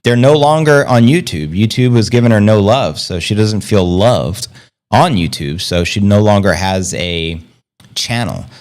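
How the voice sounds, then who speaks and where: A man's voice: lowish voice, a little slow. Chatty man hosting a crypto livestream. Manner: rambling, upbeat, slangy, shout-outs to viewers. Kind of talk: casual livestream chat reading viewer comments.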